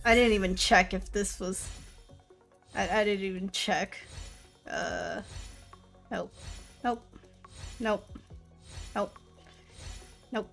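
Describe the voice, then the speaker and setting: A woman's voice: mid-range voice, steady tone, slow, creaky, long pauses, a bit bright, soft background music. A young woman streamer giving casual gameplay commentary, swearing and playing up mock-dramatic self-pity.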